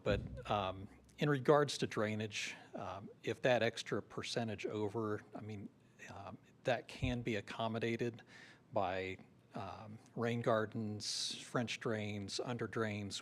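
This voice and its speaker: A man's voice: on the low side, a little hiss or hum. A man who works as an urban planner, giving public comment at a town meeting in a practical, reasoned way with a touch of humor. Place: town hall meeting room.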